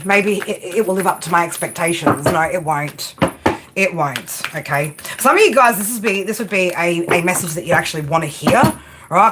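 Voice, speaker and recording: Blunt, swearing woman tarot reader. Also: lowish voice. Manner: blunt, swearing, animated, repeats "right?". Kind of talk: casual tarot reading. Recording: noisy room with clicks and jangling.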